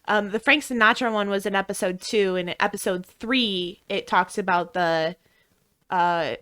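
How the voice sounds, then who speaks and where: A woman co-hosting a podcast in casual chat, telling stories in an animated way and swearing a lot. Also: medium pitch, moderate pace, smooth. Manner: animated, swearing, laughing storyteller. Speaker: podcast co-host.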